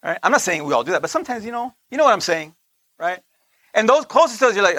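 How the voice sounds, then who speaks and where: A high-pitched man delivers a sermon in a casual, conversational way, constantly asking his listeners "right?" His voice is bright and forceful. He slows down to stress a point and sometimes drops almost to a whisper, and the sound is dry and close. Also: big pitch swings, no echo. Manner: slows down to stress points, laughs between lines. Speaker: teacher of a Torah portion.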